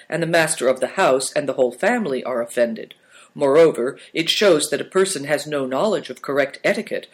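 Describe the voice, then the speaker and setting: A man voicing a learned, polite male guide in a storybook reading, instructive and courteous. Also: fairly high pitch.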